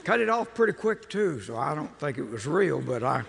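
An older man, preaching as a folksy, animated storyteller who laughs at his own jokes. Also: fairly high pitch, moderate pace, gravelly. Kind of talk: storytelling sermon. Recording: echoey hall with long reverb.

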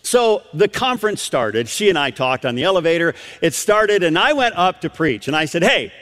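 A male preacher delivering a sermon in a high, animated voice that rises and falls widely. He talks emphatically, telling stories and often doubling his words. A long reverb trails behind him, as if he speaks in a large hall. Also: moderate pace. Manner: emphatic, with frequent word repeats and storytelling.

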